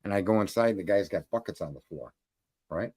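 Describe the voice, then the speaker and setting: A man's voice: low-pitched, expressive, fast talker, a little mellow, husky, no echo. A man in casual chat, telling a roofing story in a blunt, profane way. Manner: storytelling, profane, talks through trade details.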